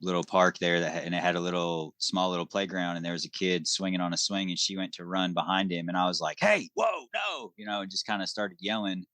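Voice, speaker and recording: A man on a casual podcast telling a story about his daughter in a loose, meandering way. His voice sits low and is captured dry, with no room sound around it. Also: flat delivery, quick pace, hardly any pauses, bright, forceful tone, dry recording. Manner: anecdotal, loosely strung story with fillers. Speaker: podcast co-host and father.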